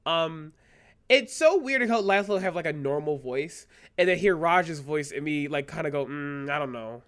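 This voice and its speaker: A woman co-hosting a podcast whose voice swings widely up and down. She jokes around and swears freely. Her delivery is casual and animated. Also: sits low, moderate pace. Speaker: podcast co-host. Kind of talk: casual chat. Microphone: podcast microphone.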